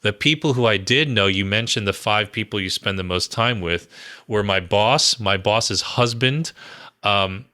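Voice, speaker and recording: A man, a guest on a podcast, telling stories in a lively way with many "you know"s and "um"s. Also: mid-range voice, no echo, studio quality. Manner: animated storyteller, fillers like "you know" and "um". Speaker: guest, brand strategist and author. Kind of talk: podcast interview storytelling.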